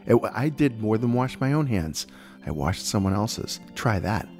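A podcast co-host, his voice sitting a little low. He tells his story in an animated, playful way, leaning into the punchlines. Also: measured pace, faint music behind. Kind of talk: casual storytelling chat.

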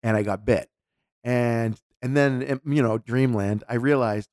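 A man's voice: mid-range voice, unhurried, dry recording. Chatty man, dry close sound. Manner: animated storyteller, drops into voices. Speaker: podcast co-host. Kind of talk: casual chat.

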